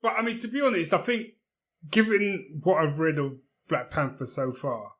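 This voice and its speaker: A man's voice: on the high side, big pitch swings, moderate pace, a bit bright. A man co-hosting a podcast, chatting casually and reacting with short agreeing replies. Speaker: podcast co-host. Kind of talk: casual chat.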